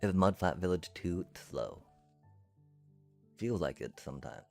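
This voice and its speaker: A man's voice: low voice, animated, measured pace, creaky. A male streamer ranting to his chat, angry and profane, swearing through his frustration. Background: faint music.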